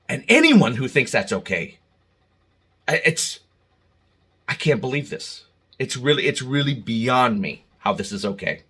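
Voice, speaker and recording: A man delivers a heated, emotional monologue to his viewers, stumbling over restarts and jumping into loud outbursts. His voice is bright and forceful, with a husky edge to it. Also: fairly low pitch, big pitch swings, moderate pace, pauses often. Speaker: channel host. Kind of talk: opinion monologue to camera.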